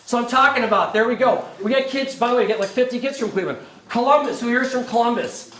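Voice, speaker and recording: A man giving an energetic, joking presentation to a room of prospective camp staff, often turning to the audience with questions. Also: extremely high pitch, fast talker. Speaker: camp director recruiting staff. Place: lecture room. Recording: roomy hall echo.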